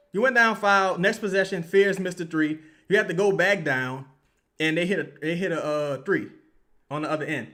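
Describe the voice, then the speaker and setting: Heated, swearing basketball reaction man. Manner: heated, profane, repeats himself, swings from yelling to low muttering. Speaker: live game watch-along host. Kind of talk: live basketball reaction commentary.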